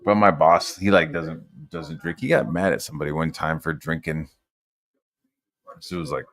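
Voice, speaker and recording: A man's voice: rumbling low, animated, moderate pace, vocal fry, fairly bright tone, dry recording, clean studio sound. A man hosting a casual chat, telling a rambling, profane story with lots of fillers.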